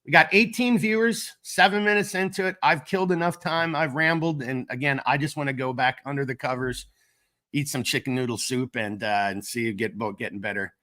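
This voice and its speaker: A middle-aged man with a Minnesotan accent hosts a casual livestream while coming down with a cold. His voice is bright and forward, and he rambles along, cracking self-deprecating jokes. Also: medium pitch, steady tone, fairly quick. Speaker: livestream host of a gear company channel.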